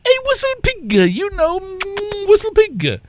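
A wild-eyed eccentric biker with a thick French accent squeals high and breathless. The voice leaps far above his own, loud and giddy. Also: wildly swooping pitch, measured pace, background noise, full character voice. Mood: excited.

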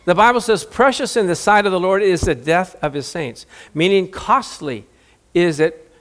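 High-voiced animated male preacher. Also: normal speed. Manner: animated, jokey, acts out Bible voices. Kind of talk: sermon.

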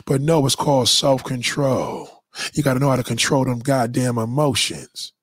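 A man streaming a casual, profane monologue, preachy and animated as he lectures his viewers. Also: medium pitch, normal speed, husky, dry recording, clean studio sound. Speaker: live streamer.

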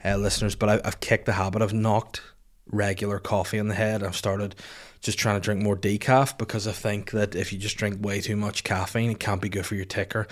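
Man, 30s, podcast host, exhausted, low-voiced, foul-mouthed rambling storyteller. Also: flat delivery, brisk. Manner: profane, rambling comic storytelling. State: tired. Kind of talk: casual solo podcast rant. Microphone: podcast microphone.

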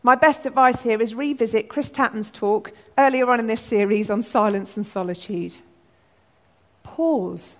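A woman giving an earnest, animated sermon talk to her church. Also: on the high side, normal speed. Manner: earnest, animated, acts out shouted quotes. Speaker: church speaker.

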